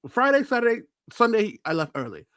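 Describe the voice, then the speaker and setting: Brash New man, high and bouncy, boasting through a story on a podcast. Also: brisk, dry recording. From Brooklyn, New York. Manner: animated, boastful storytelling with acted-out quotes. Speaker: podcast co-host. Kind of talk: casual chat.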